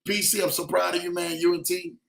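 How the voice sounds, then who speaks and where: Young male livestream host, fervent motivational delivery, bright forceful tone, echoey room. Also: high-pitched, flat delivery, brisk, creaky. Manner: preachy, repeats "man" and "y'all", reads out chat shout-outs. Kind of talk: emotional motivational livestream talk.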